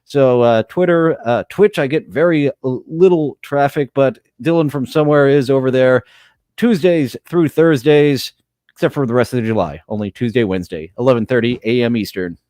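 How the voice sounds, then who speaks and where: A man's voice: medium pitch, a little mellow. A man listing his streaming schedule on a podcast, stopping and restarting often and leaning on fillers. His mid-range voice is recorded close and dry, with no room echo. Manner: halting, filler-heavy. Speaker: guest streamer. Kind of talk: casual podcast chat.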